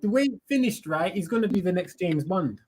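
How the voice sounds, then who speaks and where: Young bloke hosting a loose chat, high-ish voice that bounces around, playful. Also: male voice, fairly quick, soft background music. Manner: animated, slangy, laughing, mock-posh jokes. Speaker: host. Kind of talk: casual chat.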